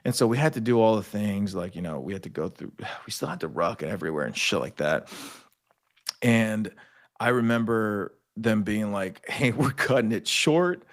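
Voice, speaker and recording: A young army veteran, guesting on a podcast, tells stories from his service in a casual chat, cursing freely and acting out the people he quotes. His voice is fairly low and moves at a normal speed.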